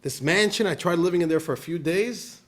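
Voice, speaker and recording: A man's voice: sits high, a little fast, a bit bright. A man voicing an elderly mother's plainspoken letter to her sons, homey and fussy in a storytelling class. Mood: fond complaint.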